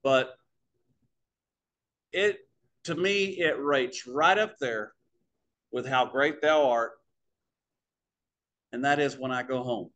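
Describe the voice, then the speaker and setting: Slow-talking folksy preacher man. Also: medium pitch, fairly bright tone. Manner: folksy storytelling, addresses the congregation as folks. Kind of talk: sermon. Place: small church.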